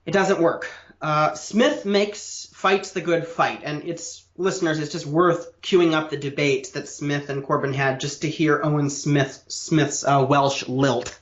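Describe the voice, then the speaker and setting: A man's voice: fairly high pitch, fairly even intonation, unhurried, echoey room, muffled recording. A man co-hosting a podcast, explaining political history in detail with a lecturing, casual manner and frequent restarts.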